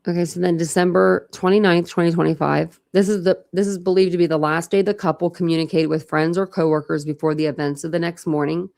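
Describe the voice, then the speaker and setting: Reading out records and thinking aloud, this Ohio woman hosts a true crime channel with a casual, chatty case discussion. She speaks quickly with few pauses, in a low, steady, creaky voice with a darkish tone.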